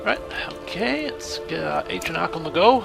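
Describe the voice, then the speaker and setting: A man narrating his game as he plays, chatty and self-mocking, with a voice pitched a little on the high side. His tone carries a gravelly edge. Game music plays clearly underneath. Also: moderate pace. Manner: chatty and self-mocking, excitable during fights. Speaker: let's play gamer. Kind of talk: casual game commentary.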